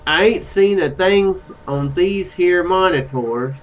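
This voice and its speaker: A man's voice: high voice, slow, recorded from a distance, rough recording. A man reading out a drawling Southern spaceship crewman. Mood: easygoing.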